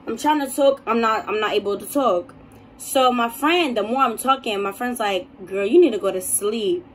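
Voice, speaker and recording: A young woman vlogger telling a story in a casual, animated and dramatic way. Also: high-pitched, slight background noise.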